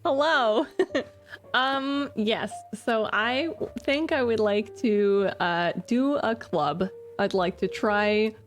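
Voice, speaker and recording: A woman with a slightly high voice speaks very slowly at the game table. She is hesitant and laughs softly between her ideas. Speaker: player. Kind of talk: casual table talk.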